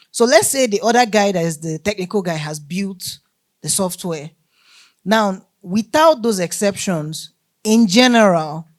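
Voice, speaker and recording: A woman teaching a workshop on law, emphatic and often checking that listeners follow. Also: mid-range voice. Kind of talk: lecture to a live group.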